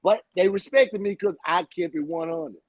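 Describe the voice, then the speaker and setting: High-voiced man telling a rowdy story. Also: moderate pace, a loud crowd. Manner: loud, profane storyteller acting out quotes. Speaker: podcast co-host. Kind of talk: casual podcast chat.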